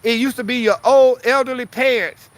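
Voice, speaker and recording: A man's voice: very high voice, steady tone, moderate pace. A man ranting bluntly and profanely as a political commentary vlogger, repeating himself to press his point.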